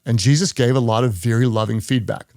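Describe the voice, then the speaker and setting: Earnest, gravelly pastor hosting a podcast. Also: male voice, medium pitch, quick pace, a little mellow, dry recording. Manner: earnest, repeats key phrases for emphasis. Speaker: pastor and leadership podcast host. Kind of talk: leadership podcast talk.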